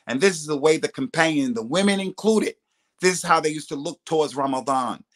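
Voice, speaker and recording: Man giving religious guidance, slightly high. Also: a bit bright. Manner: explanatory, recites Arabic quotations quickly. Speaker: Islamic scholar answering questions.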